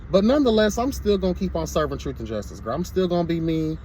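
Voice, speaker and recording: A man's voice: on the high side, lively intonation, fast, mellow, slight background noise. A man vlogging his commentary in a sassy, emphatic rant, full of repeated exclamations. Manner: sassy, emphatic, repeats "girl" and "hello, God". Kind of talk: candid to-camera rant.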